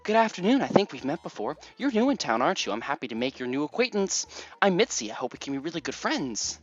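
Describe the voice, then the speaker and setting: A man's voice: a little high, very animated, quick pace, voice pushed up. Guy doing a sweet polite cartoon cat girl, raised voice, muffled recording. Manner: polite, gentle.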